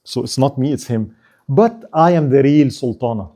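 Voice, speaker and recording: A man voicing a clever, calculating medieval queen who thinks her plans through aloud in a soft, low voice. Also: expressive, normal speed, natural voice. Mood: scheming.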